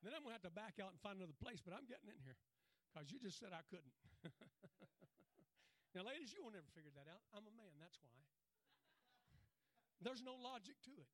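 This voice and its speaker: A man's voice: high voice, sing-song, brisk, long pauses, a bit bright. A man preaching a sermon in a folksy way, telling stories and often breaking off to say "Amen" and "Praise God" with a chuckle.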